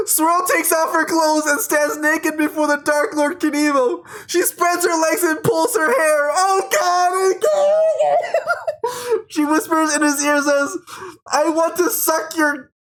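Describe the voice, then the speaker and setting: A woman's voice: extremely high pitch, animated, slow, fairly bright tone. A young woman reading an AI-written story aloud, reacting with giggly, shrieking exclamations. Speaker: streamer.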